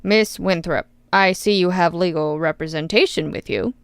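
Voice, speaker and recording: A woman's voice: lowish voice, moderate pace, clear, resonant tone, dry recording, lightly acted. A woman voicing an aging male congressman who sounds bored, mocking and falsely friendly in an audiobook. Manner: faux-friendly, patronizing. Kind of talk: audiobook character voice.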